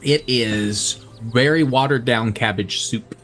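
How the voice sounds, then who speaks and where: A man's voice: mid-range voice, slow pace, a bit bright, faint music behind. A man narrating as game master, hesitant and full of fillers.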